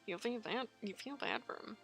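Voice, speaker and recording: Bright, gravelly woman reading a game aloud. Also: on the high side, normal speed, soft background music. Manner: giggly, expressive reading. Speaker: let's play streamer. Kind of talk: reading a visual novel aloud.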